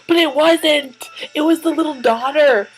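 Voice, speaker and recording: A tired but excitable woman chats straight to camera like a vlogger. She rambles through her stories, and her voice sits a little high. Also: a little slow, faint music behind, rough recording. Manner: chatty, excitable storytelling. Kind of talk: casual vlog chat.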